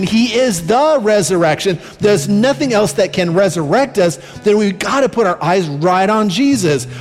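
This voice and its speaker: A man with a notably high voice delivers a sermon as a pastor. His talk is casual and conversational, stretching out key phrases for emphasis. The sound carries a long reverb from a large hall, with faint music in the background. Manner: conversational preaching, slows down for emphasis.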